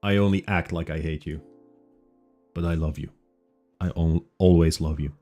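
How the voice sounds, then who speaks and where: A man's voice: a bass voice, steady tone, moderate pace, mellow, faint music behind. A man from Flanders, chatting casually on a livestream in a rambling, self-mocking way. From Flanders, Belgium. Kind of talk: casual chat.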